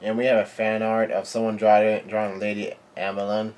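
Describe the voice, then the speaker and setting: A man giving a live reading and reaction to a comic chapter, in a halting, stumbling way full of restarts. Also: on the low side, flat delivery, darkish tone. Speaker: manga reader and reactor.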